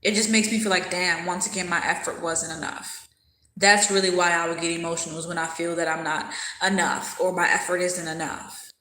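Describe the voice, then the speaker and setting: A woman's voice: lowish voice, little pitch movement, a little fast, sharp tone, roomy sound, slight background noise, low-quality recording. A woman hosting a casual livestream, talking candidly and thoughtfully while she eats and answers viewers' comments. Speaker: livestream host.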